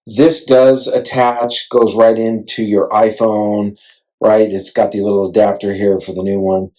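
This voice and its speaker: Middle-aged guy rambling about his camera setup, kinda low voice, gets all excited retelling stuff. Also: unhurried, low-quality recording. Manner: chatty, self-deprecating, excitable retelling. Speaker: vlogger reviewing camera gear. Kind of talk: casual gear vlog. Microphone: wireless clip-on mic.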